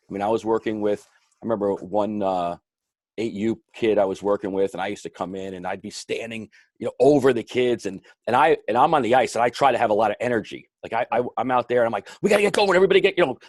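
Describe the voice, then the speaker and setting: A man's voice: on the low side, darkish tone, no room sound, clean studio sound. A man who coaches youth hockey, talking in a rambling way with many restarts in a casual podcast discussion.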